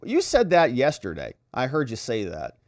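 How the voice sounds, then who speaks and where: A man's voice: mid-range voice, wildly swooping pitch, moderate pace, a little mellow, no room sound, studio quality. A man quoting a blunt male defense attorney, read in a pressing, sarcastic tone.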